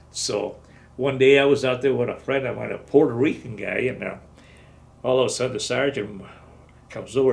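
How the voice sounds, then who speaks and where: Man in his seventies, veteran, oral history interview, gravelly voice, salty blunt storytelling. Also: mid-range voice. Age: 70s. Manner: salty, blunt retelling with profanity.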